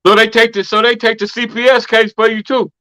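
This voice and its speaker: A man's voice: very high voice, little pitch movement, fairly quick, sharp tone, low-quality recording. A man co-hosting a podcast, teasing his friend and laughing often in casual banter. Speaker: podcast co-host.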